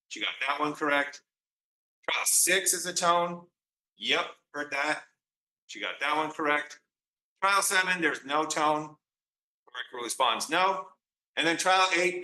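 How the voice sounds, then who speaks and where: A man lectures on psychology with a very bright, sharp voice, walking through examples and voicing the replies himself. He sits back from the mic, and the room rings around him. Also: mid-range voice, echoey room, distant mic, poor audio. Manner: explanatory, acts out examples with quoted replies. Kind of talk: recorded lecture.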